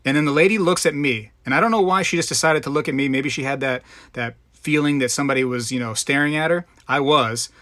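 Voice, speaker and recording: Rambling livestream host, dry close sound. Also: male voice, medium pitch, quick pace, hardly any pauses, a bit bright, no echo. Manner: rambling, greets chatters by name. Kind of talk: casual live chat.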